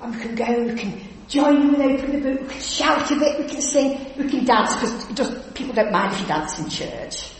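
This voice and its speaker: A woman preaching in a chatty, animated storytelling way in a church. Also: fairly high pitch, a little fast, hardly any pauses, slight background noise. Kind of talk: lively church talk. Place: church hall. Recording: echoey church hall from a distance.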